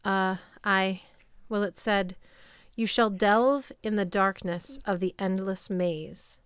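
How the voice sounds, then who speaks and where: A woman's voice: medium pitch, fairly even intonation, takes it slowly, clean tone, no echo, natural voice. A woman voicing a serious, frightened teenage girl who speaks hesitantly and solemnly.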